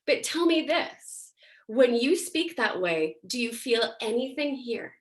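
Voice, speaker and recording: Woman singing coach, chatty workshop vibe, kinda high voice, lots of ums and likes. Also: lively intonation, slow. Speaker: singing and voice instructor. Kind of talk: casual workshop talk.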